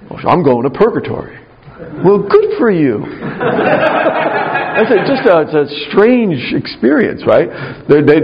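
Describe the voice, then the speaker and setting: A man giving a conversational spiritual talk to clergy, wry and anecdotal, telling stories from his childhood. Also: fairly high pitch. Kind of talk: spiritual talk with personal storytelling. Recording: dull lo-fi recording.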